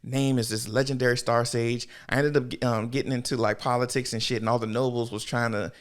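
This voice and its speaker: A man's voice: mid-range voice, fairly even intonation, a little fast, lightly acted. A man voicing a talking magic bird, a male star sage from another world, in a laid-back, slangy way, close to his own voice.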